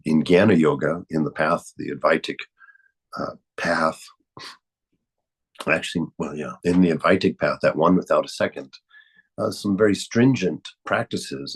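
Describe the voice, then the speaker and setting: A man with a Southern accent leads a spiritual study session in a very low voice. He is hoarse from a chest cold, so his voice comes out raspy. He talks in a halting way, repeats words and chuckles often. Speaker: spiritual study group leader. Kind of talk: casual spiritual teaching talk.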